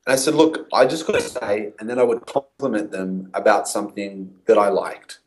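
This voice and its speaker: A man's voice: lowish voice, fairly quick, hardly any pauses, poor audio. A man, a guest in an interview, telling stories and acting out past conversations. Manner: storytelling, acts out his own past dialogue. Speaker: guest copywriter.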